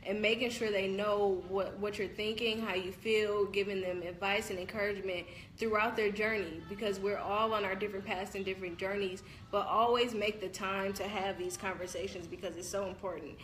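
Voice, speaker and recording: A woman's voice: mid-range voice, steady tone, brisk, hardly any pauses, a bit bright, soft background music, poor audio. A young woman hosting a family talk on a live stream, emotional and close to tears, reading viewers' comments and thanking them. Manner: emotional, tearful, thankful, reads comments aloud. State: tearful. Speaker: host. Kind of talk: casual chat on a live video.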